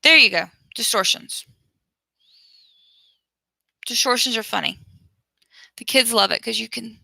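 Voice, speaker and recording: A woman's voice: on the high side, unhurried, vocal fry, long pauses, sharp tone, no echo, poor audio. A woman who teaches online, chatting casually with viewers and often laughing or trailing off as she hunts around her screen. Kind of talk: casual livestream chat with viewers.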